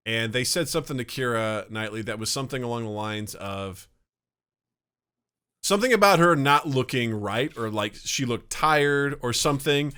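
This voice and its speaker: A man co-hosting a casual podcast chat, animated and laughing often, acting out quotes in exaggerated voices. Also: mid-range voice, normal speed, smooth. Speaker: podcast co-host.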